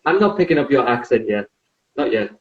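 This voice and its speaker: A man's voice: medium pitch, expressive, fairly quick, roomy sound, narrow, tinny audio, background noise. A man in his twenties with a northeast English accent, chatting easily as a guest on a live video call interview. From northeast England. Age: 20s. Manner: easygoing and chatty, with light laughs. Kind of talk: casual interview chat.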